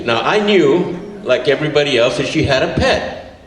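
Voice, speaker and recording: A Californian man in his seventies tells a live audience about his childhood, animated and laughing, chuckling and filling pauses as he goes. The recording is roomy and distant, with a faint rumble underneath.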